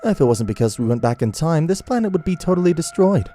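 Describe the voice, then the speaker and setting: A man's voice: fairly high pitch, big pitch swings, quick pace, warm tone, a little hiss or hum, pitched above the performer's own voice. A man voicing a proud, haughty god of destruction with a commanding manner.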